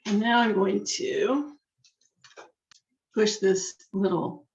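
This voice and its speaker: Slow, slightly hoarse woman teaching jewelry. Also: mid-range voice, fairly even intonation, darkish tone. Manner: chatty, talks to herself while working. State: slightly hoarse, losing her voice. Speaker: jewelry-making instructor. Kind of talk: step-by-step craft demonstration. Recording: echoey room, dull lo-fi sound.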